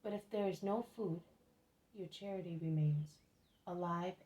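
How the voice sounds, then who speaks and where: A woman reading the lines of a calm, kind male spiritual teacher in a soft, measured way. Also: lowish voice, slight background noise, close to an everyday voice, low-quality recording. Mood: gentle.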